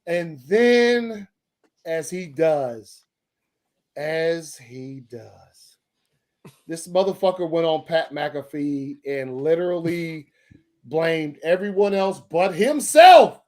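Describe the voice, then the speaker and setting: A sports podcast co-host goes on a profane, heated rant with many stammered restarts. His voice is on the high side and darkish in tone, with lively intonation and a slow pace.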